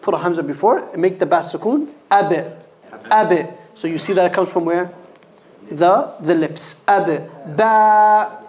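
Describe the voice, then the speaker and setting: A man's voice: sits high, normal speed, darkish tone. A man teaching a Quran reading class in a mosque, sounding out letters for students to repeat. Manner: repeats letters for students to echo, stressing pronunciation. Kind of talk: classroom recitation lesson.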